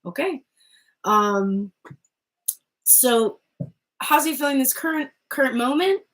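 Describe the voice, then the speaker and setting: A woman with a high, fairly bright voice delivers an informal tarot reading, animated yet taking her time. She chats and wanders off topic, breaking off mid-thought, laughing often, and using "like" constantly.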